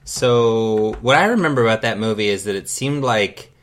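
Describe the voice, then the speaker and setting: A man's voice: fairly low pitch, animated, normal speed. A man co-hosting a casual movie podcast, wry and rambling, with many fillers and restarts. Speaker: podcast co-host. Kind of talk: casual chat.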